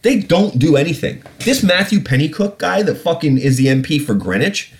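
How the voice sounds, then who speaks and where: A man's voice: a little high, sing-song, moderate pace, a little hiss or hum. A British man hosting a podcast, ranting bluntly and profanely about politics. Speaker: podcast host. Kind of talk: casual ranting commentary.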